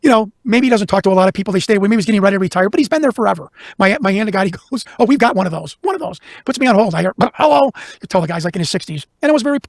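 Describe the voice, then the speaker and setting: A man from Chicago, a guest investigator, telling a long story in casual conversation, talking quickly with lots of restarts. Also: high-pitched, no echo, clean studio sound. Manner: fast, animated, talks over himself with restarts.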